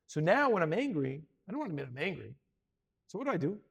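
High-voiced man giving a gravelly sermon. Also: quick pace. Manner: animated, acts out quoted voices, restarts words. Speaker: Torah teacher.

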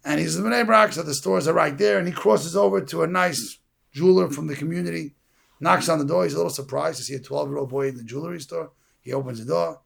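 A man giving a sermon, telling a story and acting out the characters with a gravelly, husky voice. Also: on the high side, quick pace. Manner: animated storytelling, acts out the characters. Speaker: preacher.

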